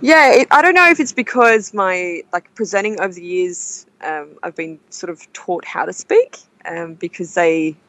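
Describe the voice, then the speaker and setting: A woman's voice: fairly low pitch, moderate pace, few pauses, fairly bright tone, no room sound. Australian woman chatting, australian accent, laughs a lot, dry sound. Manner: bubbly, laughs often, tells anecdotes. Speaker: guest. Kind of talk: casual chat.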